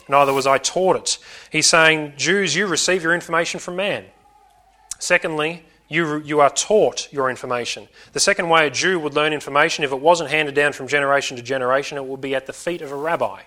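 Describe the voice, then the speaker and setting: A man's voice: mid-range voice, sharp tone. A man preaching an earnest evening sermon to his congregation, teaching with repetition and emphasis.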